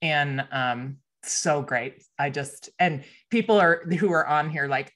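A woman's voice: on the low side, lively intonation, slow, fairly bright tone. A woman on a video call who halts, laughs and breaks off mid-sentence in a casual chat.

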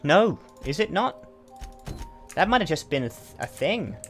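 A man's voice: high voice, big pitch swings, unhurried, faint music behind. Chatty man narrating his gameplay. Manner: chatty, thinks aloud with asides. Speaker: let's play host. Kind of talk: casual game commentary.

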